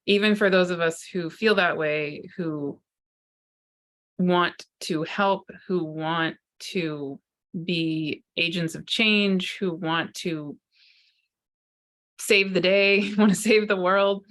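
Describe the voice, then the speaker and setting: Speaking to camera without a script, a psychotherapist and spiritual teacher explores spiritual ideas in an earnest, searching way, frequently restarting sentences. Her lowish, fairly bright voice keeps a fairly even intonation, draws out words and pauses often.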